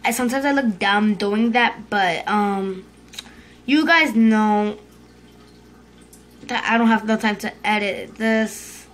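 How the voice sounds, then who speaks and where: A female host giving casual commentary over her gameplay, excitable, yelping and urging herself on, dropping to hushed whispers when scared. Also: medium pitch. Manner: excitable, yelps and shrieks, fast repeated urging. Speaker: gaming video host.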